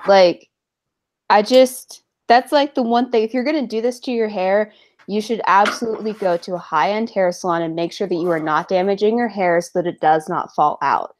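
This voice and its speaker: A woman's voice: medium pitch, normal speed, slight background noise. A woman in a casual podcast chat, talking in a chatty, emphatic way full of fillers.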